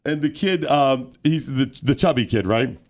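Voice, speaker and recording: A man's voice: medium pitch, normal speed. A man hosting a morning radio show, telling stories in casual banter and acting out the people he quotes. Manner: animated storytelling, acts out quotes.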